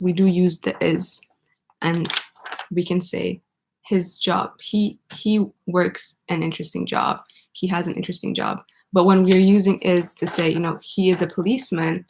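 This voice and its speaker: A woman teaching an online English grammar lesson, explaining step by step and pausing for student answers. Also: on the low side, gravelly, a little mellow, a little hiss or hum.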